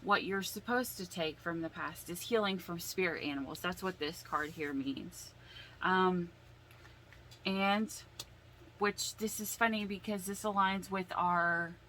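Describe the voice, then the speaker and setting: A woman reads tarot cards in a casual, heartfelt way, often pausing to sigh and steady herself against tears. Her voice sits a little low and she takes her time over every phrase. A faint hiss of noise sits under the recording. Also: rough recording. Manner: slow, emotional, sighing and holding back tears. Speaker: tarot reader.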